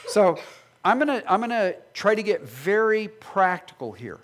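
A male pastor preaching a sermon, animated and acting out imagined voices of his listeners. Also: sits high, normal speed.

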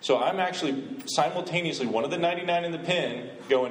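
A man's voice: fairly high pitch, fast, few pauses, reverberant, slight background noise, poor audio. A man giving a conversational sermon as a visiting missionary speaker, often asking the congregation questions. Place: church.

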